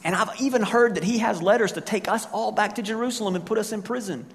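A man's voice: high-pitched, quick pace, pitched above the performer's own voice. A nervous male disciple stammers his doubts in a raised, anxious voice, as a preacher acts him out. The sound carries a long reverb from a large hall. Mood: worried protest.

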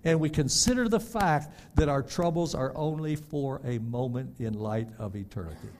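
An older man preaching a sermon as a pastor, rising loud and then dropping soft and low, often stammering on repeated words. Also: moderate pace, hardly any pauses.

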